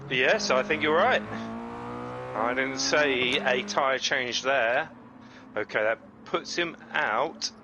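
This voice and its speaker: A man's voice: medium pitch, slow pace, dull audio, over music. Chatty man calling a sim race. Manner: chatty, self-deprecating, breaks into excited exclamations. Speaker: race commentator. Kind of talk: sim racing commentary.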